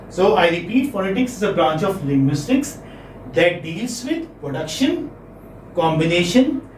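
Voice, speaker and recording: A man's voice: high voice, a little mellow, a little hiss or hum. A man giving a classroom lecture, often repeating key phrases and checking in with "okay?". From India. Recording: echoey classroom from far off.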